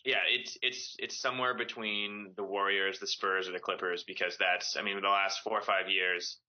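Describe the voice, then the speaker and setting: A man's voice: deep voice, level tone, normal speed, pushed and bright, highs cut off. A man co-hosting a casual sports podcast, giving confident, opinionated analysis. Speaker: podcast co-host.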